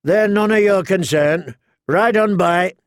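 A man's voice: sits high, measured pace, dry recording, studio quality, voice pushed up. A man voicing a hostile middle-aged townsman in an audiobook, curt and snapping orders.

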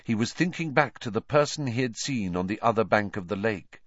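A man reading a children's novel aloud as narrator, in an expressive, animated storytelling manner. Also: fairly low pitch, brisk, no room sound, lo-fi sound. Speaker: audiobook narrator.

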